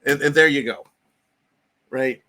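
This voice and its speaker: A man's voice: mid-range voice, fairly even intonation, a little slow, sharp tone. Sarcastic ranting man host. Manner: sarcastic and profane. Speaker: host of a political commentary channel. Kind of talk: ranting political commentary.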